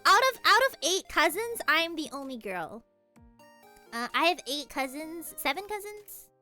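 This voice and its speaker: High, bubbly young woman chatting. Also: big pitch swings, a little slow, bright, forceful tone, faint music behind. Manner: giggly, rambling, self-deprecating. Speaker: streamer. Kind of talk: casual chat.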